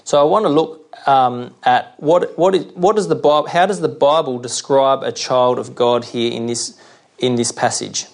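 A man preaches a sermon in a chatty, middle-pitched voice. He slows down for scripture readings and keeps checking in with his listeners. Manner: conversational, checks in with "okay?"; reads scripture slowly.

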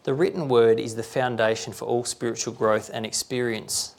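A man's voice: mid-range voice, steady tone, normal speed, vocal fry. A man preaching a sermon, talking conversationally and checking in with rhetorical questions.

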